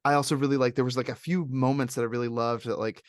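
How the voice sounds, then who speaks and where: A man hosting a casual film review chat, talking in an animated, rambling way with lots of fillers. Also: mid-range voice, fast, smooth, dry recording, clean studio sound. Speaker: podcast host reviewing films.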